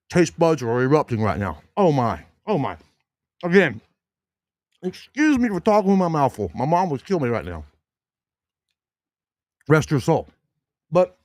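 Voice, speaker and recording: A man's voice: on the high side, sing-song, moderate pace, pauses often, dry recording, studio quality. A man hosting a sports podcast, casual and folksy, with lots of fillers and restarts. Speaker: podcast host. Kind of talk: casual sports podcast chat with sponsor reads.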